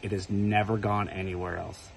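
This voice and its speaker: Gravelly low-voiced man telling a story. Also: level tone, normal speed, a little hiss or hum, low-quality recording. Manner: conversational, keeps asking "right?". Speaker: spiritual video creator. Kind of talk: casual personal storytelling to camera.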